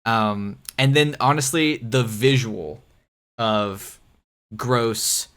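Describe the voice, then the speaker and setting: A man co-hosting a film podcast, laid-back and joking, dropping low and quiet for his asides. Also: very slow. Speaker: podcast co-host. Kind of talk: casual film discussion.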